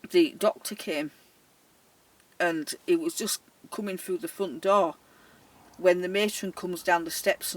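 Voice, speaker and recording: Brief: care worker spinning a lively anecdote, mid-pitched, slightly off-mic. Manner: animated, dialect-heavy, often laughing, acting out the voices in the story. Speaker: storyteller. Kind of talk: personal anecdote, casual storytelling. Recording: voice a little distant from the mic.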